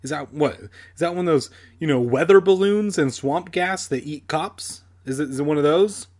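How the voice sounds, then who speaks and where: A man's voice: a little high, big pitch swings, breathy edge, voice pushed up. A man reading aloud and voicing a cocky boy, raised and sarcastic, rattling off mocking questions. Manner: sarcastic and rapid. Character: cocky mocking boy who scoffs at danger.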